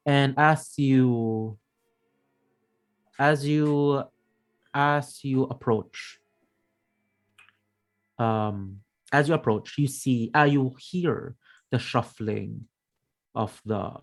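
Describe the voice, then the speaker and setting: A man's voice: mid-range voice, creaky. A middle-aged man narrating a tabletop game as game master, rambling and restarting his phrases as he describes the scene.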